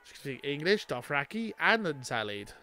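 Guy reacting to a show, slightly high voice, mutters then yells at the screen. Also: moderate pace. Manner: talks back at the screen, swings from mutters to excited shouts. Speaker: reaction video host. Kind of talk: live reaction commentary.

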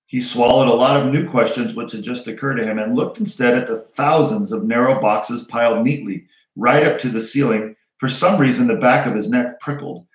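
A male teacher reading a novel aloud to his students in a steady, unhurried way. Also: mid-range voice. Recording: roomy echo.

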